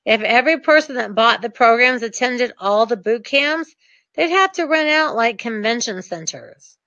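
Woman, high voice, motivational coaching talk, earnest and emphatic, dry slightly muffled recording. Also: animated, moderate pace, pushed and bright, dry recording. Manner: earnest, emphatic, repeats points for stress. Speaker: real estate investing coach.

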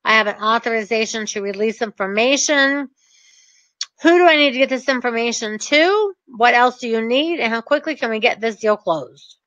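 Woman teaching short sales, brisk and sure of herself, bright voice, dry dull sound. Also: fairly high pitch, no echo. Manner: brisk, emphatic, confident. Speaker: real estate investor and short sale coach. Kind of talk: teaching talk with acted examples.

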